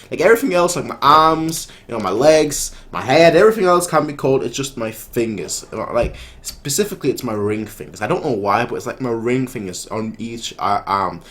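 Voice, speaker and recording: With a medium-pitched, fairly bright voice, this man closes out his anime reaction video at a moderate pace with few pauses. He's animated and self-mocking, rambling along with lots of fillers and restarts.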